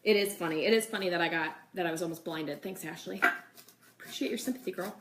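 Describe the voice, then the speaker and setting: A woman's voice: lowish voice, steady tone, fast, fairly bright tone. A young woman hosting a casual cooking demo in her home kitchen, chatting with viewers and saying "like" and "okay" a lot. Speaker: cooking show host. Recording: echoey kitchen with faint noise.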